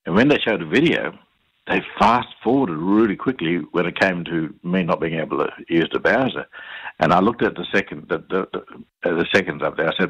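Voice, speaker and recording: An Australian man recounts his experiences in a low voice with a husky grain. He talks haltingly, full of fillers and repeated words. The recording sounds dull and lo-fi. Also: fairly bright tone. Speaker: interview guest. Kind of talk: conversational storytelling.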